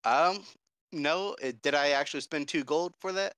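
A man's voice: a little high, moderate pace, a bit bright, smooth, dry recording. A man playing a tabletop game, describing his character's actions with a brash, curt edge. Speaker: player.

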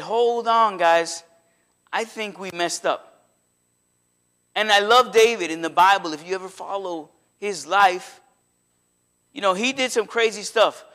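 Bright-voiced man preaching a sermon. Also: sits high. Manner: conversational, animated retelling with acted quotes. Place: church sanctuary.

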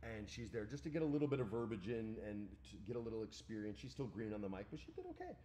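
A man in his forties co-hosts a podcast, telling an animated story in casual chat. His pitch swings widely as he acts out the lines and swears freely. A faint hiss sits under his voice. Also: fast. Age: 40s. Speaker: podcast co-host.

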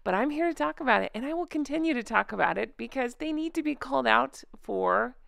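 A woman's voice: high-pitched, animated, brisk, gravelly, fairly bright tone, dry recording, clean studio sound. A woman hosting a commentary vlog, sarcastic and scornful, laughing often. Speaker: royal commentary channel host.

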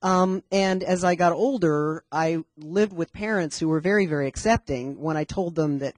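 A man's voice: on the high side, moderate pace, few pauses, no room sound. Man, fifties, candid, wry, conversational, dry close sound. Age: 50s. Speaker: panel speaker. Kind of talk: personal talk at a community forum.

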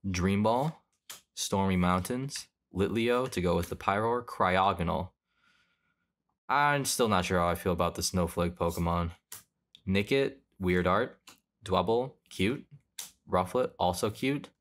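Low-pitched, a little slow and a bit bright, this young man's voice carries casual commentary as he opens trading card packs. He's offhand and rambling, frequently correcting himself.

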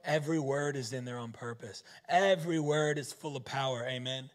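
A man preaching a lively sermon, joking and firing rhetorical questions at the audience. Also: medium pitch, brisk.

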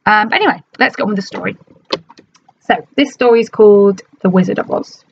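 A woman teacher reading a storybook aloud to her class in an animated, expressive manner. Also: medium pitch, brisk, vocal fry, dull audio, a little hiss or hum.

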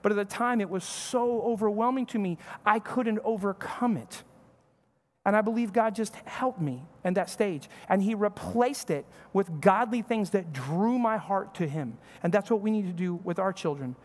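A man's voice: high-pitched, normal speed. Man preaching in a reverberant church. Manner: conversational preaching with acted-out family dialogue. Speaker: pastor. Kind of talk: sermon. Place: church sanctuary.

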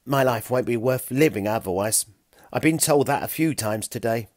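A man's voice: medium pitch, normal speed, darkish tone, no echo, studio quality, natural voice. A man voicing a clever, cheeky Stone Age boy who chatters in a self-satisfied way. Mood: chatty.

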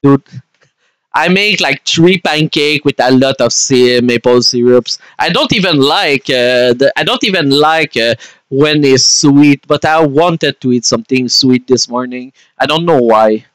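Slow-talking young man streaming a game. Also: medium pitch, a bit bright, clean tone, no room sound, rough recording. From Canada. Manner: chatty, swears freely, laughs often, answers chat. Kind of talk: casual gaming stream chat.

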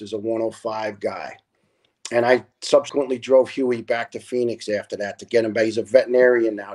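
A middle-aged man tells stories as a podcast guest. His voice sits at an ordinary middle pitch, and he swears freely as he acts out the back-and-forth of old arguments. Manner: animated, profane storyteller who acts out dialogue. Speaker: podcast guest, retired fire lieutenant. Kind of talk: casual storytelling.

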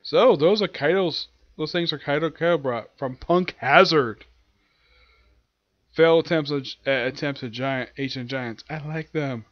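A young man casually recapping a comic chapter, excited and slipping into quick voices for the characters. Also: a little high, no echo, lo-fi sound. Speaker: anime and manga reviewer.

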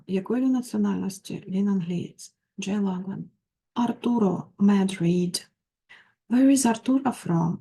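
Woman tutor, mellow, reads English then translates. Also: medium pitch, slightly rough. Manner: reads English phrases then translates them, with small slips. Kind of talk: textbook walkthrough, reading and translating.

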